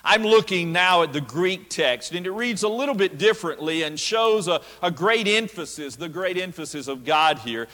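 A man's voice: sits high, lively intonation, sharp tone. Man preaching in a reverberant hall. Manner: emphatic preaching with slow stressed quotations. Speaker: pastor. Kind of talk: sermon. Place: church sanctuary. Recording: long reverb of a church hall.

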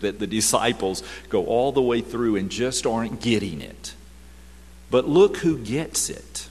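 A man preaching a sermon, moving from loud emphatic scripture reading down to hushed, near-whispered passages. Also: medium pitch, big-room sound. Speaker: pastor.

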